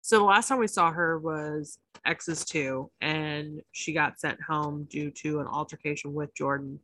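Low-voiced woman podcast co-host. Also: a little slow, slight background noise. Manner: chatty, swears freely, animated asides. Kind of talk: casual chat about reality TV.

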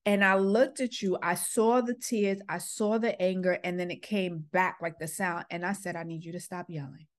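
A woman's voice: mid-range voice, steady tone, normal speed, few pauses. A middle-aged woman, a former school principal, earnestly telling a personal story and acting out the quoted exchanges. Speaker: podcast host, former principal.

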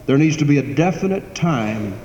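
A man delivers a sermon from a church pulpit, stacking repeated phrases into emphatic declarations. His voice sits fairly high for a man. The sound carries a long, roomy reverb with faint hiss underneath. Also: lively intonation, normal speed, darkish tone, highs cut off. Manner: preacherly, repetitive cadence, rising to emphatic declarations. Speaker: pastor. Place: church sanctuary. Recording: echoey hall, faint background hiss.

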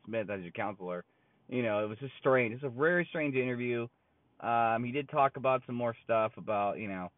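A man's voice: medium pitch, no room sound. A man ranting casually about basketball in a blunt, rambling way, full of fillers and restarts. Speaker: sports commentator. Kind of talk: casual sports opinion rant. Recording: tinny phone-like sound, dry.

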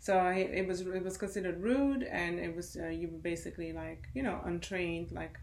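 A middle-aged woman with a lowish, gravelly voice, a guest on a conversational podcast. She rambles warmly through memories, often circling back and restarting her sentences. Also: moderate pace, slight background noise. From Suriname and the Netherlands. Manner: rambling, animated storytelling with laughter. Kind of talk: casual conversation.

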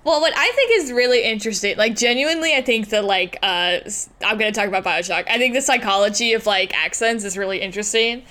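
A woman's voice: mid-range voice, quick pace, few pauses, pushed and bright. A woman co-hosting a casual movie podcast, joking playfully and rambling through her thoughts. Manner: jokey, playful, rambling, laughs a lot. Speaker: podcast co-host.

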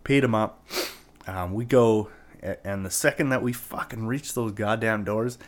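A man's voice: lowish voice, normal speed. A man telling a personal story in a casual, rambling way, swearing often and filling his talk with "like" and "right?". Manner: rambling and profane, full of "like" and "right?".

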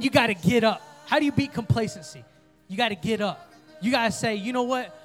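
A young man preaching to a youth group, playful and joking with the crowd, then rising to energetic calls for response. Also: very high voice, brisk, faint music behind. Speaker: youth pastor. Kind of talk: sermon.

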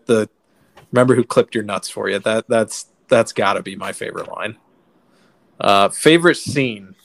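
A man's voice: lowish voice, fairly bright tone, no echo. A man hosting a casual film podcast, talking loosely with lots of fillers and plenty of enthusiasm. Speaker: podcast host. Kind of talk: casual movie discussion.

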